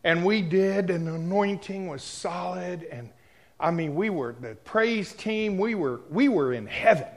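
Slow preacher telling a story. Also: male voice, sits high. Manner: storytelling, swings from hushed to loud; addresses the congregation directly. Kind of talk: sermon.

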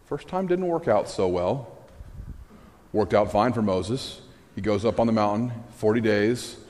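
Animated man preaching in an echoey hall. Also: on the low side. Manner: animated storytelling with wry asides. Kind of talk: conversational sermon.

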